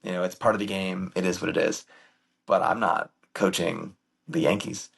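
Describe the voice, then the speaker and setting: Gravelly low-voiced man telling stories. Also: normal speed. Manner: animated, emphatic storyteller. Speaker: guest, youth baseball coach and camp director. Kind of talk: casual storytelling conversation.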